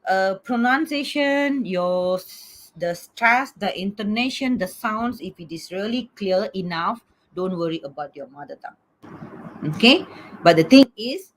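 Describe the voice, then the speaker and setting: A middle-aged woman coaxes her students through an online lecture on a video call, checking "okay?" again and again. Her medium-pitched delivery is animated yet slow, and slight background noise can be heard.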